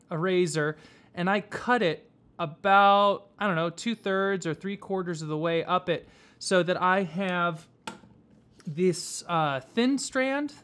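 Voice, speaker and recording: Male craft instructor, unhurried, patient, chatty step-by-step delivery. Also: high voice, a bit bright. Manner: slow, patient step-by-step explaining with fillers. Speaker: whipmaking instructor. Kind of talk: hands-on craft tutorial. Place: workshop.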